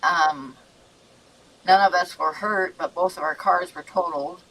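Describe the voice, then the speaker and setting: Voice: mid-range voice, measured pace, fairly bright tone, slight background noise. A parent telling stories in casual livestream chat, full of fillers like "um", recorded slightly away from the microphone. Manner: storytelling with fillers. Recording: voice a bit distant from the mic.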